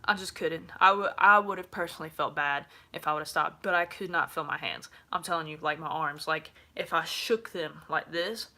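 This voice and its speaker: A woman's voice: low voice, moderate pace, hardly any pauses, bright, forceful tone. A woman, talking frankly to camera in a casual vlog, with lots of fillers. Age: 20s. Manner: chatty, frank, many fillers. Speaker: vlogger.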